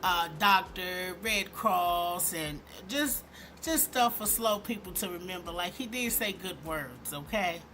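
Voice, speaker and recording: A woman hosting a commentary vlog, talking in an animated, emphatic and sarcastic way. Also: lowish voice, a little slow, a little hiss or hum. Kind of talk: opinionated commentary.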